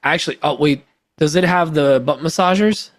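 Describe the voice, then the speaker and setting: Playful high-voiced man. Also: normal speed. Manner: playful, laughs often. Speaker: podcast co-host. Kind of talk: casual banter among friends.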